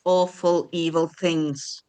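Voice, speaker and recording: Smooth-voiced woman podcast co-host. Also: lowish voice, steady tone, slow pace, warm tone. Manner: enthusiastic, explains at length. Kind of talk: casual chat.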